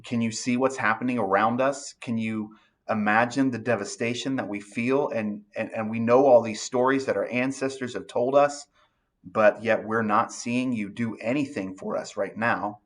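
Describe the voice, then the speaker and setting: A man's voice: medium pitch, fairly even intonation, normal speed, natural voice. A man voicing a timid, doubting young farmer who stammers through incredulous questions.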